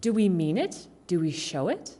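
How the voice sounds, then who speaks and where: A woman giving an informal, conversational talk to a church congregation, animated and acting out quoted speech along the way. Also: lowish voice, normal speed. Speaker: guest speaker at a church service.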